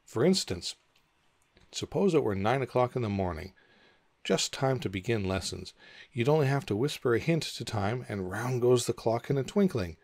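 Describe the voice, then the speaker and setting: A man with a gravelly voice voicing a rude, whimsical mad hatter in an audiobook, speaking in a pompous, contemptuous, theatrical way. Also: mid-range voice, lively intonation, normal speed, a little mellow, dry recording, pitched above the performer's own voice.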